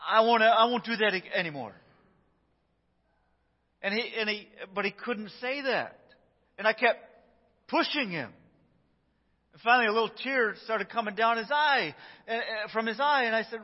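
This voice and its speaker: A middle-aged man preaches in a fairly high voice, telling stories and acting out the quotes with a chuckle. The sound is a little dull, with a long reverb trailing through the church. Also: animated, unhurried, long pauses. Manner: storytelling, acts out quotes, chuckles often. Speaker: pastor. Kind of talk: sermon.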